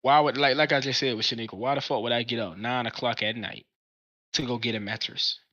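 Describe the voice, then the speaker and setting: Brisk bright-voiced man, lo-fi sound. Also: medium pitch, steady tone. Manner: forceful, slangy, talks over others. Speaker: podcast co-host. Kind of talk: casual chat. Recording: dull lo-fi sound.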